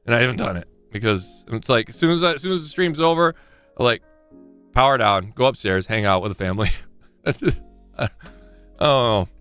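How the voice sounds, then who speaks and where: A man talks casually to his live-stream chat in a bright, animated voice, his pitch swinging high and low. He rambles, restarts his sentences and pokes fun at himself. Faint music plays underneath. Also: brisk, long pauses, clean tone. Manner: rambling, self-deprecating, excitable, frequent restarts.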